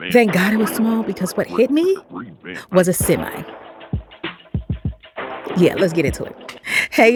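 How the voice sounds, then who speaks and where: A woman, telling a personal story to camera in an animated, expressive way. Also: medium pitch. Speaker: vlogger.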